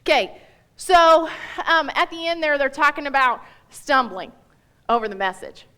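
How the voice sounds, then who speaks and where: A woman's voice: high-pitched, normal speed. A woman giving a church Bible teaching as guest speaker, talking emphatically in a chatty way that often breaks off mid-thought. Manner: animated, emphatic, chatty with self-interruptions.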